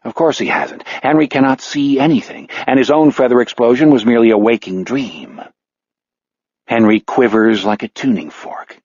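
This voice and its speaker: A man narrating an audiobook in an even, steady storytelling manner, with a husky voice. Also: mid-range voice, moderate pace, dry recording, lo-fi sound. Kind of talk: scripted narration.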